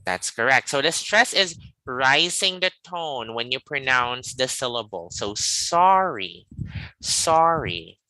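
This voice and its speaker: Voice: medium pitch, unhurried, few pauses, pushed and bright, no room sound, poor audio. An English teacher leading a live online lesson, patient and guiding, checking in often with "okay" and "all right.".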